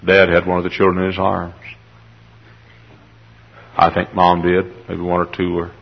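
A man's voice: sits low, completely flat delivery, normal speed, gravelly. A man preaching a sermon and telling the story dramatically. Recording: dull lo-fi sermon recording.

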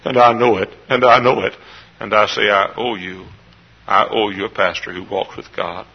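A middle-aged pastor with a husky, somewhat low voice delivers a heartfelt sermon in a church. He rises to loud, emotional peaks and then falls back to quiet, confiding storytelling. The recording is a dull, lo-fi sermon tape. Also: steady tone, moderate pace. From Texas. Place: church sanctuary.

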